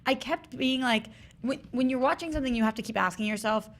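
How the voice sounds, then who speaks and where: A woman's voice: a little high, fast. A woman chatting as a panelist, hesitant and giggly. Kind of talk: casual panel chat.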